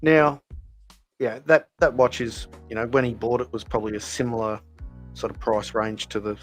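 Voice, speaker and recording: A man spins a long story in casual chat, stopping and restarting his sentences with plenty of fillers. His voice sits at an everyday middle pitch. Soft music plays faintly behind him. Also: fairly even intonation, moderate pace, rough recording. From Australia. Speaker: podcast co-host.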